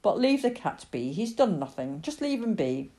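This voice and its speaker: A woman reading the part of an old male poacher with rustic country speech, gentle but stubborn. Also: mid-range voice, sing-song, normal speed, natural voice. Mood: weary.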